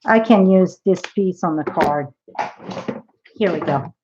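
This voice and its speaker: A woman's voice: lowish voice, slow, dull audio, noisy background. A woman demonstrating a craft project in a live tutorial, chatty and thinking aloud as she works.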